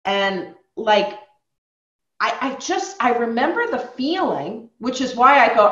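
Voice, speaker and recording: A woman's voice: a little high, very animated, slow, a bit bright, echoey room, dull audio. A woman from New York hosting a podcast, telling stories in casual conversation and acting out the people she quotes. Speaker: podcast host.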